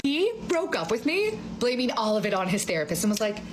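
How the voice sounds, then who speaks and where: A woman's voice: a little high, big pitch swings, brisk. Chatty young woman, noisy recording. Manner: chatty, heavy use of like, acts out quoted lines. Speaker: interviewee in a played clip. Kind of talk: casual storytelling. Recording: noticeable background noise.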